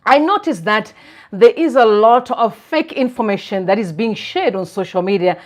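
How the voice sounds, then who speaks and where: A woman from Zimbabwe, hosting a live stream and talking in an earnest, reflective way with soft laughs. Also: on the high side, animated, normal speed. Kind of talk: casual live-stream talk.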